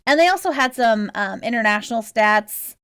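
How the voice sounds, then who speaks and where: Woman podcast cohost, kinda high voice, chatty and laughy, dry close mic. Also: lively intonation, normal speed, fairly bright tone, smooth, dry recording. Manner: chatty, laughs often, reads stats with fillers. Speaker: podcast co-host. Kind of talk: casual podcast chat, reading out research.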